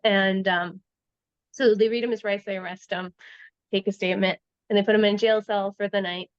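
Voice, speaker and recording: A woman's voice: medium pitch, fairly even intonation, moderate pace, smooth, no echo, highs cut off. A woman guest, a researcher and writer from Canada, retelling a true crime case in casual conversation and acting out the quoted lines.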